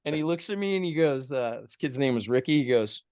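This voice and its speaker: Man, podcast guest, animated funny storyteller, says dude and bro, dull recording. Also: medium pitch, fast, smooth, no echo. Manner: animated, self-mocking, casual with dude and bro. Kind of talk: humorous storytelling.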